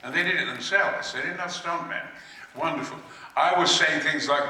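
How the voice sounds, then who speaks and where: An older man, an actor on a convention panel, telling stories in a booming, theatrical, sweary way with bursts of laughter. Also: normal speed, bright, forceful tone. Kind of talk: anecdotal storytelling. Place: large convention hall. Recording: echoey hall from far off.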